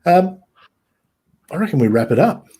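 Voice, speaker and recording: A man's voice: a little high, very animated, mellow, husky. Rambling man hosting a chat. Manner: rambling, halting with ums and restarts. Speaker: podcast host. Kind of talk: casual chat.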